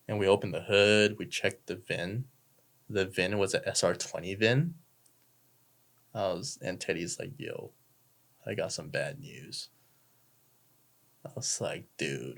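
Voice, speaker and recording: A man's voice: deep voice, creaky, a bit bright. A young man, a podcast guest telling a story casually, laid-back and swearing freely. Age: young adult.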